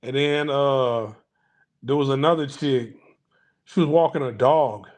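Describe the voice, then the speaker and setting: A man's voice: mid-range voice, measured pace, darkish tone. A man hosting a casual monologue to viewers, ranting bluntly with profanity and frequent restarts. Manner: acts out others' voices in anecdotes. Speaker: commentary channel host.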